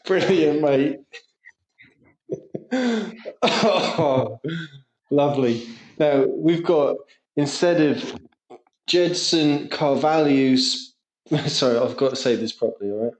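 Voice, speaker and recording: A man's voice: on the high side, animated, slow pace, pauses often, echoey room, low-quality recording. A man co-hosting a football podcast, chatting casually with lots of laughs and swearing. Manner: laughs often, swears, jokey. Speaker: podcast co-host. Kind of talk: casual banter. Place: at home, in a kitchen.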